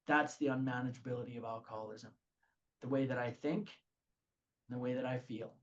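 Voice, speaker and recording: A man leading a recovery group study in a lively talk, often checking in with "okay?". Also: mid-range voice, brisk, highs cut off. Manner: animated, says "okay?" often.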